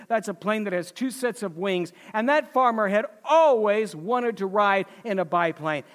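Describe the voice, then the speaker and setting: A man's voice: high voice, a bit bright. A male pastor preaching a sermon in a folksy, emphatic storytelling way.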